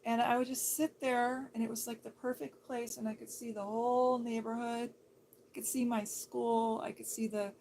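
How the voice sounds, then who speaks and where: A woman from Seattle hosting a livestream, chatting in a gentle, sympathetic way as she reads out viewers' comments, sometimes dropping to a whisper. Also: on the high side, flat delivery, normal speed, vocal fry, a little hiss or hum. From Seattle, Washington State. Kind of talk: casual soft-spoken livestream chat.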